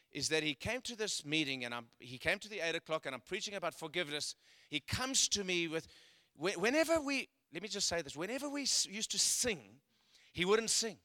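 A man preaching a sermon, telling stories and swinging between loud emphatic peaks and quiet asides. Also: on the high side, no room sound. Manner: storytelling, building to loud emphatic peaks then dropping quiet. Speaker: guest preacher.

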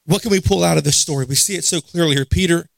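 High-voiced man preaching to a congregation. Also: fast talker, vocal fry, no room sound. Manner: conversational, asks the congregation questions, repeats phrases for emphasis. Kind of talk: sermon.

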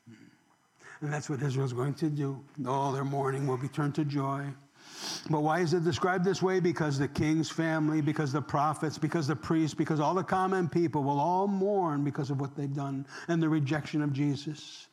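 A man in his sixties preaching a sermon, firing rhetorical questions and swinging from loud emphasis to emotional near-whispers. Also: a little high, steady tone, moderate pace. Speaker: pastor.

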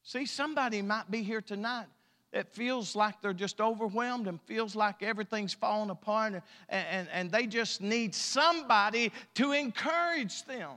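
High-voiced preacher in a reverberant church. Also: male voice, normal speed. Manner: emphatic preaching, rises and drops in loudness, folksy. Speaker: pastor. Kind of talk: sermon. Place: church sanctuary. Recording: long church hall reverb.

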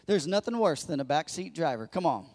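A male pastor preaching a sermon, telling stories and acting out quotes with lively emphasis. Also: on the high side, a little fast, in a large hall. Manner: storytelling, animated, acts out quotes.

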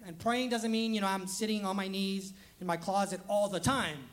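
A high-pitched man preaches in a chatty, animated way. He slips into playful quoted voices and jokes at his own expense. He is a pastor speaking to his church. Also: fairly quick. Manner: conversational, acts out quoted voices, laughs at himself. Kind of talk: lively sermon. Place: church sanctuary.

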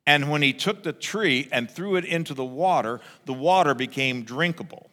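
Bright-voiced male pastor preaching in a hall. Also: a little high, moderate pace. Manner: animated, acts out crowds in raised voices. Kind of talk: sermon.

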